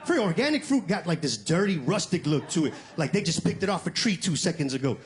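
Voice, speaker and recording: A man telling a story on stage as a stand-up comedian, animated, acting out the voices of other people and swearing casually. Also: fairly high pitch, fast.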